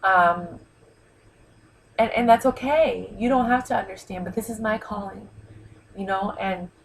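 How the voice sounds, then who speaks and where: A woman's voice: medium pitch, unhurried, poor audio. A woman talking heartfelt and rambling in a personal vlog, holding back tears. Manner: heartfelt, rambling, many ums and you-knows. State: close to tears. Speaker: vlogger. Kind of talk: emotional personal vlog monologue. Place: New York.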